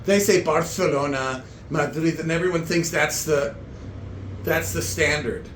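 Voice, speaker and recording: Rambling, halting comedian, echoey room. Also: male voice, fairly high pitch, steady tone, a little hiss or hum. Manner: meandering, halting delivery with many restarts.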